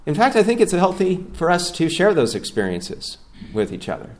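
A man's voice: sits high, huge pitch swings, normal speed, a little mellow. A middle-aged man preaching a sermon as a guest pastor, reading scripture out with rising force.

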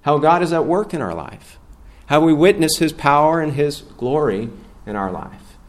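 A man's voice: on the high side, sing-song, normal speed. A middle-aged man preaching a sermon as a guest pastor, reading scripture out with rising force.

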